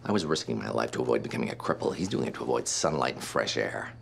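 A man's voice: a bass voice, expressive, fast talker, vocal fry, slight background noise, heavily acted. An actor playing a sardonic, blunt doctor who leads his team, with cutting sarcasm in a TV drama. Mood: bitter. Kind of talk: TV drama acting.

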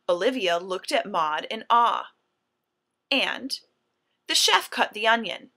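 A woman teacher explaining a lesson in a clear, deliberate way to her students. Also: fairly high pitch, sharp tone. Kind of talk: recorded classroom lesson.

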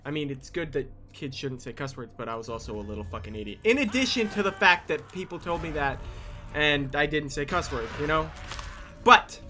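Loud, swearing young gamer man. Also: on the high side, fairly quick. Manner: animated, swears a lot, yells at the game. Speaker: gaming YouTuber. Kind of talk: casual let's-play commentary.

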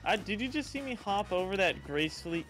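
A man's voice: high-pitched, expressive, quick pace, fairly bright tone, faint music behind. A young man chatting casually while gaming, teasing his partner with profane banter. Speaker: gamer.

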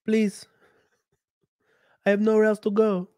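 A man voicing a pleading middle-aged female housemaid in a comedic impression skit, speaking in slow, halting broken English. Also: high-pitched, monotone, clear, resonant tone, no echo, clean studio sound, pitched above the performer's own voice, natural voice. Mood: begging.

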